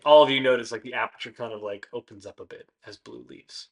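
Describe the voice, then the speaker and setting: A man's voice: mid-range voice, quick pace. A man narrating as game master in a loose, chatty way.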